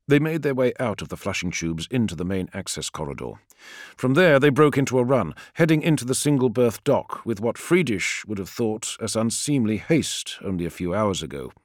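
A man reading a sci-fi novel aloud as narrator, with an expressive storytelling delivery. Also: on the low side, moderate pace, no echo, studio quality. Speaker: audiobook narrator. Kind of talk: scripted narration.

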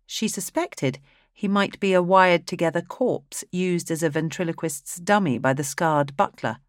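A woman with a low voice narrates a story aloud in a steady, even manner. The recording is dry and close, with no room sound. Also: moderate pace, no room sound. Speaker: audiobook narrator. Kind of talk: scripted narration.

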